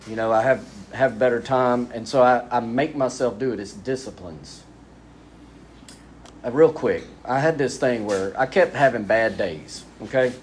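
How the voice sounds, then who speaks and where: A man giving a lively, self-mocking recovery talk as a speaker at a men's spiritual retreat. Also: mid-range voice, unhurried, slight background noise. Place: retreat gathering.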